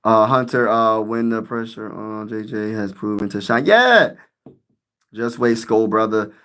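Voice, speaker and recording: A man's voice: fairly low pitch, flat delivery, moderate pace, a bit bright, clean tone. A young man hosting a sports live stream, chatting casually with his viewers, rambling and hyped, using lots of slang. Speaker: sports YouTuber live-streaming, answering chat.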